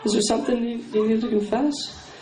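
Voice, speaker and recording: A man's voice: very high-pitched, fairly even intonation, a little fast, warm tone, slight background noise, pitched above the performer's own voice. A man voicing a pushy male church minister who keeps questioning a boy. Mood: prodding. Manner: prodding, insistent questioning. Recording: echoey hall, distant mic, crowd laughter.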